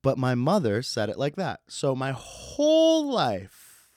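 A man's voice: medium pitch, wildly swooping pitch, slow pace, a little mellow, no room sound, clean studio sound. A man in his twenties hosting a casual solo podcast, laid-back, swearing freely and laughing at his own stories. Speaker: podcast host.

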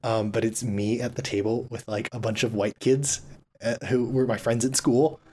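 A man's voice: mid-range voice, fairly even intonation, normal speed, mellow, slight background noise. A man in his twenties from the United States, talking in a loose, rambling way with lots of fillers and easy laughter. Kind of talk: casual chat.

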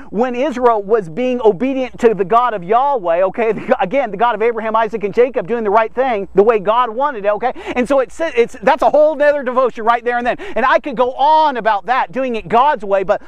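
Excitable preacher guy, really high voice, dry close sound, keeps going "okay?". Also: no room sound. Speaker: devotional podcast preacher. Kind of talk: animated Bible-story preaching.

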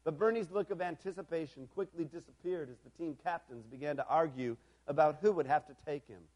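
A man with a high-pitched voice delivers a storytelling sermon. He moves between hushed, reflective passages and loud, emphatic preaching. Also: fairly quick.

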